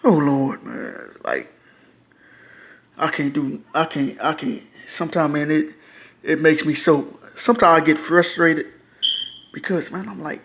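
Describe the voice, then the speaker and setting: A frustrated man, ranting to camera in a loose, profane, repetitive way. His voice sits a bit high for a man, and he keeps circling back to the same points. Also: a little slow, creaky, long pauses, fairly bright tone. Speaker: YouTuber. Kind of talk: casual ranting monologue.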